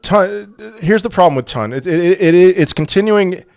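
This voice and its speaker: A man hosting a casual crypto livestream, reading viewer questions with many restarts, sometimes turning loud and heated. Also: high-pitched, lively intonation, no echo, studio quality. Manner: halting, full of restarts, turns loud and heated when angry.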